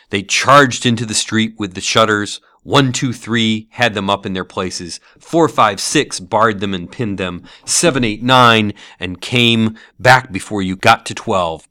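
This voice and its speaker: A man reading a classic novel aloud as an audiobook, with expressive storytelling. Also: fairly low pitch, a little slow, few pauses, no echo, studio quality. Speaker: narrator.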